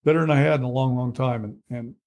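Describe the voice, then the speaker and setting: A man's voice: mid-range voice, quick pace. An older man in his sixties speaks as an interview guest, candid and blunt. He tells his story with salty language and acts out the voices of people in it. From United States. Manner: blunt, salty, animated retelling with acted quotes.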